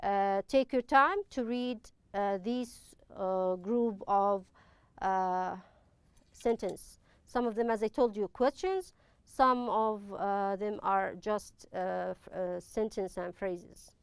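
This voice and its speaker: A middle-aged woman teacher, explaining a lesson step by step with frequent pauses. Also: medium pitch, clear, resonant tone, no room sound. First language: Arabic. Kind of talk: online classroom lesson.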